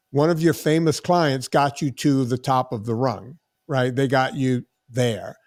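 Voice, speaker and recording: A podcast host in his sixties tells a long story in casual conversation, animatedly acting out the voices of the people involved. His voice is medium-pitched, and the recording is dry and studio quality.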